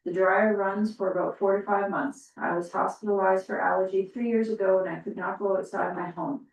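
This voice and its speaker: A woman on council reading a resident's letter aloud in a steady, plain manner. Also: mid-range voice, slight background noise. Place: council chamber. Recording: very echoey distant meeting room.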